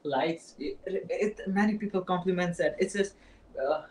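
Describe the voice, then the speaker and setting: A man's voice: high-pitched, unhurried, a little mellow, slight background noise, poor audio. A nineteen-year-old man from India speaking in a put-on Canadian accent, hesitant and stammering in a casual video chat. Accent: put-on Canadian English. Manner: hesitant, stammering, laughs often. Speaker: chat stranger. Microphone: video call.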